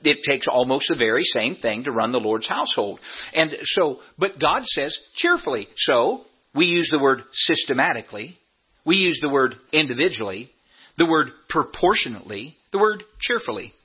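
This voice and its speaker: A husky-voiced pastor delivers a sermon in a church sanctuary, folksy and joking, with a sing-song lilt at a moderate pace. He raises his voice high on the points he wants to land. The recording sounds dull and lo-fi, as if taken from the church sound system.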